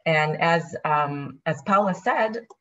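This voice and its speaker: A low-voiced woman gives an academic talk over a video call, a Hebrew speaker working in English. She sounds nervous and apologizes as she thinks aloud. The call audio is dull and lo-fi. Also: animated, slow, fairly bright tone. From Israel. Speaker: guest lecturer.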